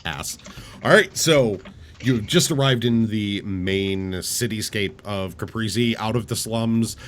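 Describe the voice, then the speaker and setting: A man's voice: on the low side, slow pace, a little hiss or hum. A man running a tabletop game as game master, narrating and chatting casually.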